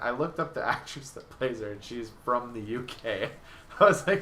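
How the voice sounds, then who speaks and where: A young man hosting a casual podcast chat, enthusiastic and rambling, quick to laugh. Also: medium pitch, bright, forceful tone. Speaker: podcast host. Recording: echoey room mic from a distance with faint noise.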